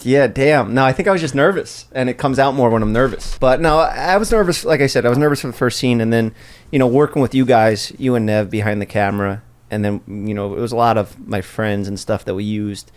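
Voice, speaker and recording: A young man with a New York accent hosts a casual podcast chat. He talks loosely and swears freely while telling stories, at an average pitch. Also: fairly quick, few pauses, clean tone. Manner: loose, profane storytelling with laughs. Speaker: podcast host.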